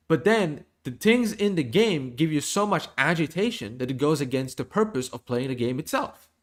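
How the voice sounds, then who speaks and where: A man giving casual, rambling stream commentary, with many fillers and restarts. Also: medium pitch.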